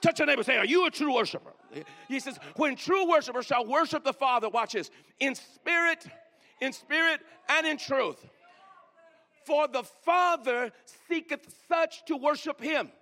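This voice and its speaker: A man preaches in a high, bright voice, slowing down to stretch out the words he wants to land. He calls on the congregation to answer him back. His voice rings out through a large hall with a long reverb. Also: lively intonation, vocal fry. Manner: preaching with call-and-response and drawn-out emphasis. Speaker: pastor. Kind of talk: sermon. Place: church sanctuary.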